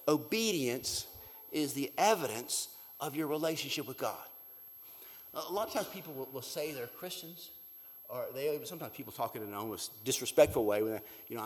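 A man preaching a sermon as pastor, shifting between hushed, whispered lines and loud, emphatic ones. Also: medium pitch, animated, brisk. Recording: reverberant hall.

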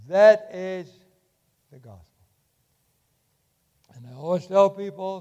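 An older man preaching a sermon in a church, impassioned, swinging from loud urging to hushed tones. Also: sits high, expressive, measured pace, pauses often, in a large hall, highs cut off.

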